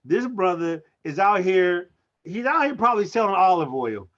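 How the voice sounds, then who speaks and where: A man with a fairly high voice riffs through a casual comedy chat, incredulous and playful. The sound is muffled and lo-fi. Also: moderate pace. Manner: animated, incredulous, joking. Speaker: co-host. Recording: muffled lo-fi audio.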